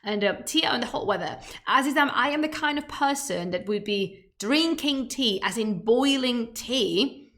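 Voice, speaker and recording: A woman's voice: on the high side, expressive, normal speed, fairly bright tone. A woman whose first language is Spanish, a streamer chatting playfully before starting a history lecture, with emphatic, wandering asides. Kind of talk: casual chat leading into a history lecture.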